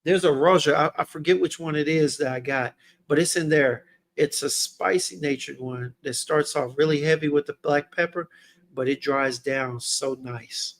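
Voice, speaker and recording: A man with a fairly high voice for his sex, hosting a casual livestream review. He talks in a loose, slangy way straight to his viewers and thinks out loud as he goes. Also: moderate pace. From Texas. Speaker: fragrance reviewer, livestream host.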